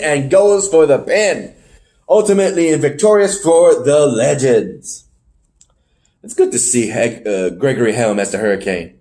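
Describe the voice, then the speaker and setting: A man's voice: a little high, darkish tone. A man co-hosting a podcast, rambling through a casual play-by-play recap with fillers and laughs. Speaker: podcast co-host. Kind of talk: casual wrestling recap chat.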